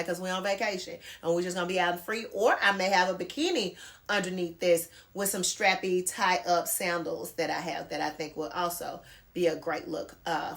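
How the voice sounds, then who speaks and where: A woman's voice: fairly low pitch, fairly bright tone. A middle-aged woman chatting casually through a clothing try-on haul, calling her viewers girl and y'all. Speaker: fashion vlogger. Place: home bedroom near a closet.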